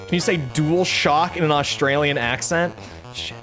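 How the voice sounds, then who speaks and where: A woman's voice: low-pitched, moderate pace, music in the background. A woman streaming a game, chatting casually, rambling and correcting herself as she goes. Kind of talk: casual live-stream chat.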